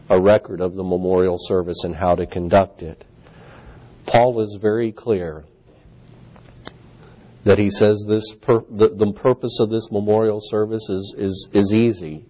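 A man leading a communion service, preaching and then reading scripture slowly and deliberately, with measured pauses. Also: fairly low pitch, warm tone. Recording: dull, lo-fi sound.

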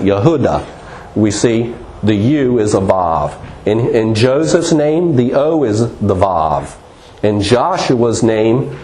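A man's voice: medium pitch, a little mellow. Earnest man teaching in an echoey room. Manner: earnest, repeats words and restarts, drawn-out emphasis. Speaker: Bible teacher. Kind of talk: slide-based teaching talk.

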